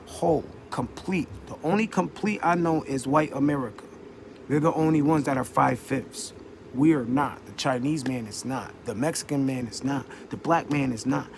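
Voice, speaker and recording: A man's voice: mid-range voice, vocal fry, slight background noise. A young man giving an unscripted, preachy monologue, profane and repeating words for emphasis. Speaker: vlogger.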